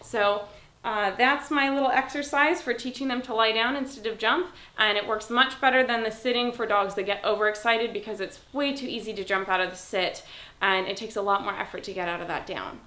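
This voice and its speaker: A woman dog trainer giving a calm, step-by-step demonstration and praising the dog. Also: on the high side, brisk. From Southern California. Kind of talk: instructional demonstration. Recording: echoey room.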